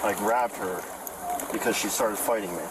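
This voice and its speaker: A man's voice: on the low side, fairly even intonation, moderate pace, distant mic. A male police officer giving firm, repeated commands at a roadside traffic stop, recorded on a body-worn camera outdoors. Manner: firm, commanding, repetitive orders. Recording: bodycam audio with street noise.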